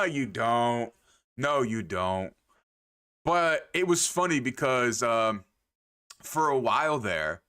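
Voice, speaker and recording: A man's voice: medium pitch, pushed and bright. A young adult man livestreaming, ranting casually to his chat in a profane, emphatic way, repeating phrases for effect. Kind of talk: casual rant to stream chat.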